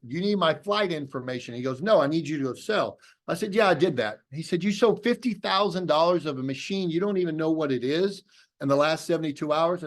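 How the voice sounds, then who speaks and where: A middle-aged man speaks in a fairly high voice, telling his story in an animated way. He acts out both sides of old phone calls as he goes. He is talking over a video call from home.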